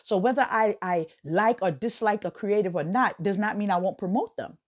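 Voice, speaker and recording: An American woman hosting a podcast, talking casually in an animated way, laughing often and swooping up high for emphasis. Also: moderate pace. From United States. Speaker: podcast host. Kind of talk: casual monologue.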